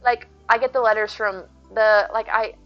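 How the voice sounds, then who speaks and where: Chatty woman streamer, slightly high voice. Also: fairly even intonation, normal speed, lo-fi sound, soft background music. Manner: chatty, answers viewers by name. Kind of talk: casual live-stream chat.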